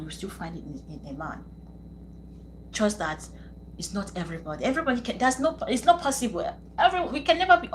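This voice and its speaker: A woman's voice: medium pitch, slight background noise, rough recording. A woman hosting a live stream, chatting casually with viewers, teasing them and laughing often.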